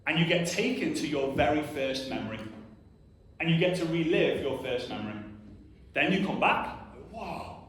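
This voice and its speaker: A man's voice: fairly high pitch, animated, normal speed, fairly bright tone, a little hiss or hum. A man in his thirties giving an earnest, emphatic motivational talk to an audience, often saying "like" and acting out little voices. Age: 30s. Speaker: conference speaker. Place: large hall before an audience. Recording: echoey hall, distant mic.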